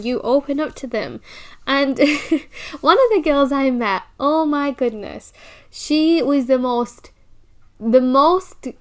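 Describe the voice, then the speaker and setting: A woman in her twenties, telling her own story in a candid, chatty way with some swearing. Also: high voice. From Britain. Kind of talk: casual personal storytelling.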